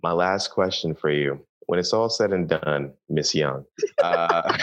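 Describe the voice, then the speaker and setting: A male interviewer with a very low voice asks his questions deliberately, leaning on key words. The audio is somewhat muffled. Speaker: interview host.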